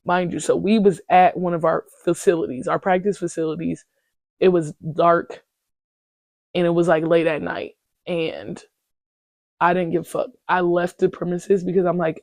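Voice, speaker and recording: A woman's voice: lowish voice, normal speed, dry recording. A woman in her twenties hosting a podcast, telling a story in a casual, slangy, profane way as she vents. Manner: animated, profane, slangy venting. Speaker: podcast host.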